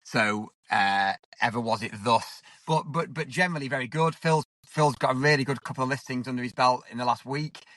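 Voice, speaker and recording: A man's voice: mid-range voice, a little fast, few pauses, fairly bright tone. A man with a lisp chatting as a podcast co-host, sitting in a parked car and rambling through stories from his week. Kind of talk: casual podcast chat.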